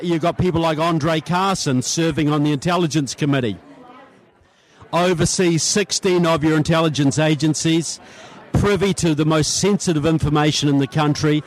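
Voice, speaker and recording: A man from New Zealand with a New Zealand accent, a guest on a radio interview at a convention, earnest and often restarting his words. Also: a little high. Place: radio row at a political convention.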